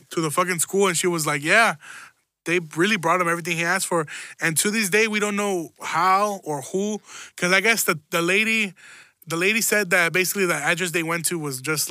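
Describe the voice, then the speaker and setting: Casual, profane storytelling comes from a young Chicago man who pokes fun at himself, laughs a lot, and curses without restraint as he wanders through a personal tale. His slightly high voice is bright and forceful, recorded with no room sound.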